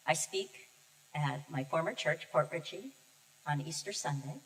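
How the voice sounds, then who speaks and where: An older woman minister giving a heartfelt, personal sermon, telling her story with pauses and emotion. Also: on the low side, very animated. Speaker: guest minister. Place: church sanctuary. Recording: distant mic in a reverberant sanctuary.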